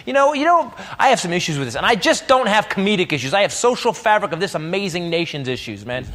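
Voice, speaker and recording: A man's voice: high-pitched, sing-song, fast, few pauses, slight background noise. A middle-aged man from the United States doing a stand-up comedy set on a club stage, brash and ranting with crude punchlines. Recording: live club recording with loud crowd laughter.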